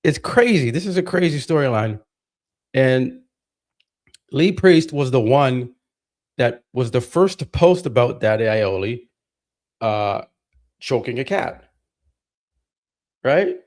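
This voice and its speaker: A man's voice: medium pitch, animated, takes it slowly, pauses often, a little mellow. A man hosting a livestream, ranting heatedly with lots of swearing and repeated words. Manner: heated, profane, repeats himself. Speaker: livestream host. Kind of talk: casual ranting commentary.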